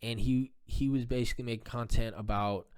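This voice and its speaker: A man's voice: medium pitch, steady tone, a little fast, a little mellow, clean tone. A man casually telling a rambling personal story, with frequent fillers and repetitions. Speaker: vlogger telling his life story.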